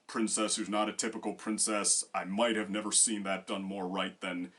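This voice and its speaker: A man's voice: on the low side, level tone, normal speed. A man co-hosting a casual discussion, rambling with many fillers and restarts. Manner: bursts into loud acted quotes. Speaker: co-host.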